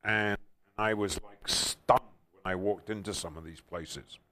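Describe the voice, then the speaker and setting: An older man, a talk show guest telling stories with enthusiasm and loud, excited outbursts. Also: low-pitched, normal speed. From England. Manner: enthusiastic, bursts into loud exclaiming when excited. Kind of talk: animated storytelling interview.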